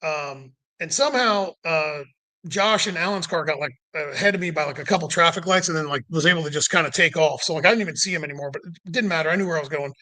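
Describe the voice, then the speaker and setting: A man's voice, on the high side, fast, pushed, and bright, carries a casual, long-winded road trip tale recorded without echo. "Like" and "you know" pop up constantly, and he acts out others' words with his voice rising.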